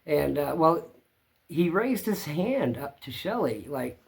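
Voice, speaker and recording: A man's voice: fairly high pitch, sing-song, slow pace, vocal fry. A man hosting his own channel, telling a story to camera in a plainspoken, rambling way. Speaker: channel host.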